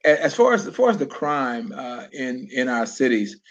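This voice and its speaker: A man hosts an interview, posing his questions politely and haltingly and restarting his words often. His voice sits at a middle pitch. The sound is muffled and lo-fi, like a live stream. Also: very animated. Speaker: talk show host. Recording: dull lo-fi live-stream audio.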